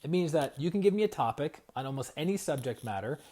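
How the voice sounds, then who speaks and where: Man giving an animated spiritual talk. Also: a little high, fast talker. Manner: conversational, repeats "right?" often. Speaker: spiritual coach and energy healer. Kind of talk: live-streamed motivational talk.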